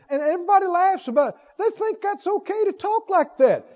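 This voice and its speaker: An older man preaching a sermon, emphatic, asking call-and-response questions and swinging between loud declarations and soft asides. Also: very high-pitched, animated, fairly quick, hardly any pauses, dull audio.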